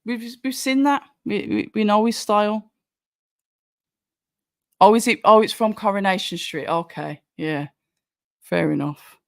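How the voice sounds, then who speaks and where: A gravelly mid-range voice, unhurried and marked by long pauses, comes from a livestream watch-along host from Birmingham, England, with a Brummie accent. He chats casually and answers viewer comments, often restarting. The recording is dry and clean, studio sound.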